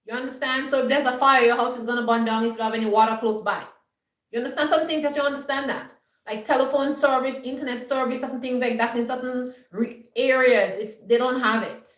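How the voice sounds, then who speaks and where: A woman's voice: on the high side, steady tone, a little fast, a bit bright, roomy sound, far from the mic, rough recording. A woman vlogger giving an emphatic, scolding monologue and often checking that her viewers understand. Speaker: homestead vlogger. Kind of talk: lecturing monologue.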